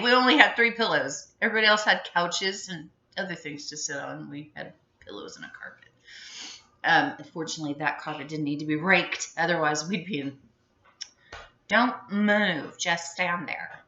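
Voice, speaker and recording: A woman's voice: deep voice, bright, forceful tone. A middle-aged woman chatting in a loose, rambling vlog monologue, full of fillers and giggles. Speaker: vlogger. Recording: muffled, echoey room.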